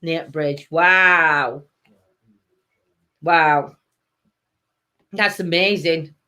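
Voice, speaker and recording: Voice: medium pitch, drawn-out words. Chatty Sheffield-accented live-stream host. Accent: Sheffield, Yorkshire. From England. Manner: chatty, warm, laughs often, trails off mid-sentence. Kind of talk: casual live chat reading viewer comments.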